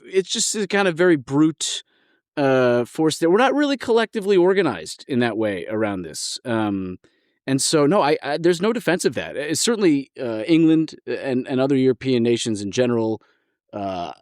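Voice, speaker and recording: A man's voice: medium pitch, big pitch swings, normal speed, a little mellow, no room sound, studio quality. An American man co-hosting a podcast, talking in long rambling stretches. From United States. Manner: rambling, chatty. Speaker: guest co-host. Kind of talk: casual chat.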